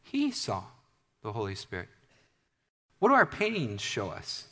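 A male pastor preaching a sermon, swinging from loud emphatic bursts to hushed, almost whispered asides. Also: lowish voice, huge pitch swings, measured pace, in a large hall. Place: church hall.

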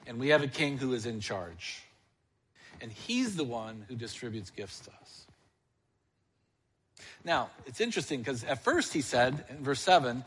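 A man's voice: a little high, a bit bright, slightly rough, long reverb tail. A male church elder preaching a sermon, asking the congregation questions and answering them himself.

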